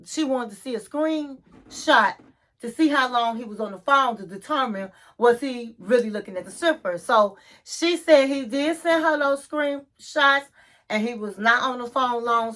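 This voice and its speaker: High-voiced woman, slow chatty recap. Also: fairly bright tone. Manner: chatty, drawn-out, repeats and restarts phrases. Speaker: YouTube reality TV commentator. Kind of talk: casual TV recap commentary.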